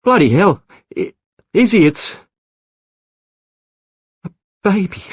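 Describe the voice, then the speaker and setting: A man narrating a storybook gives voice to a practical young lighthouse keeper, calling out loud, blunt and urgent with his pitch pushed up high. The recording is dry and close. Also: a little slow, slightly rough, no room sound. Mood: alarmed. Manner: shouting urgently, blunt exclamations. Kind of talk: audiobook character voice.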